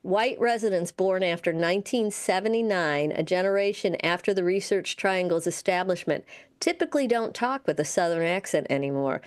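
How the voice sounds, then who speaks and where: A woman's voice: on the low side, moderate pace. A woman co-hosting a local radio show, chatting casually and reading news excerpts aloud with lots of fillers. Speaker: radio co-host. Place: radio studio.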